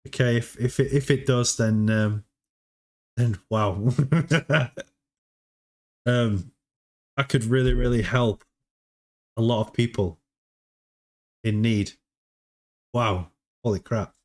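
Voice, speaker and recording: A man's voice: medium pitch, takes it slowly, long pauses. A man hosting a casual livestream, chatty, often repeating words and laughing as he talks. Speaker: livestream host.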